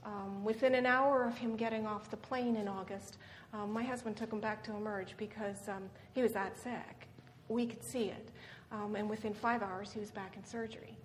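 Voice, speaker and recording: A woman's voice: medium pitch, fairly even intonation, normal speed, few pauses. A middle-aged woman telling a personal story as a seminar speaker, earnest, with frequent ums and tag questions. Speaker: guest speaker. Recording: reverberant hall with faint noise.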